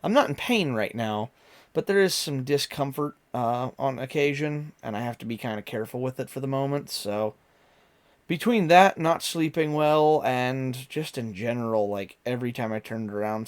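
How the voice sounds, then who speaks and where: A man's voice: medium pitch, moderate pace. Rambling, chatty male streamer. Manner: rambling and talkative, many fillers. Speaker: live streamer. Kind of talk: casual live-stream chat.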